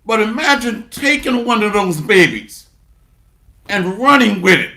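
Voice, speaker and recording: Animated but measured in pace, a man preaches a sarcastic sermon full of refrains that come back again and again. He shifts from muttering low to bursting out loudly and reads scripture aloud, with a roomy sound around him.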